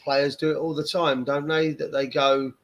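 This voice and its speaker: A man hosting a casual football fan podcast, often pausing and restarting his sentences. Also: a little high, level tone, poor audio. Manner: hesitant, restarts with repeated words. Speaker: podcast host. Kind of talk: casual chat.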